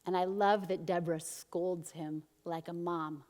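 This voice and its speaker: A woman pastor preaching a sermon and telling a story, acting out the quotes with big swings from loud to soft. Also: fairly low pitch, steady tone, unhurried, in a large hall. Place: church.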